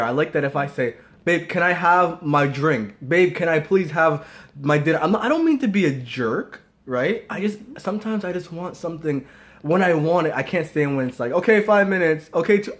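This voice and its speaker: Hesitant, joking man in casual chat. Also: on the high side. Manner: hesitant, self-interrupting, joking. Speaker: co-host, husband. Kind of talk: casual chat about marriage.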